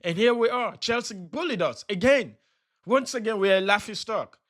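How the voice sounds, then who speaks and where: A man's voice: sits high, moderate pace, fairly bright tone. A young man hosting a football channel, talking in an agitated, upset way in a fan reaction vlog, repeating himself and firing off rhetorical questions.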